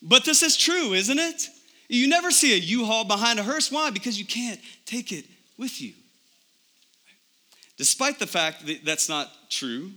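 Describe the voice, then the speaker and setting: A man preaching a sermon, talking conversationally with frequent "right?" and swinging from emphatic highs to quiet lows. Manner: animated preaching, rising to emphatic highs then dropping low; conversational, repeats words and asks "right?". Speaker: pastor.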